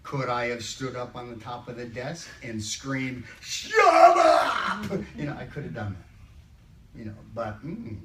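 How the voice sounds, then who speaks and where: An older man leading a Bible study group, chatting conversationally and slowing down to read scripture. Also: mid-range voice, a bit bright. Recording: roomy, distant mic, faint background noise.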